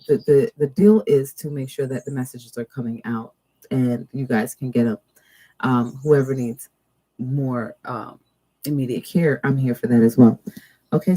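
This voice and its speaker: Woman tarot reader hosting a live stream, very dark mellow tone, slow drawn-out card messages with chatty asides. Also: very deep voice, rough recording. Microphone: two cameras.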